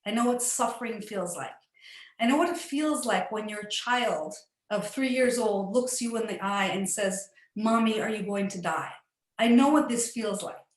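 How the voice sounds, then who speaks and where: A woman's voice: on the high side, normal speed. A middle-aged woman telling a personal story in an earnest, upbeat way, laughing often. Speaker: facilitator. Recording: echoey room.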